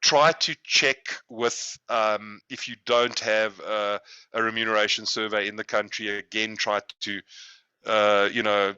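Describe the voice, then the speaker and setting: Low, bright-voiced man on a video call. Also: steady tone, clear, resonant tone, no room sound, muffled recording. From South Africa. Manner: measured, repeats words while thinking. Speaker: guest consultant.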